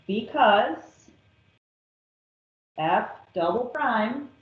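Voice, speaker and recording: A woman math teacher with an expressive, higher-than-average voice works through a calculus problem slowly, patiently and step by step. The lesson was captured in an echoey, dull lo-fi classroom recording.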